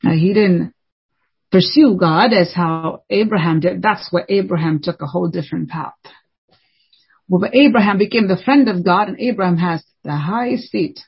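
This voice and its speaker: A woman's voice: fairly low pitch, normal speed, slightly rough, dull audio. A woman preaching a fervent, scolding sermon, repeating lines for emphasis.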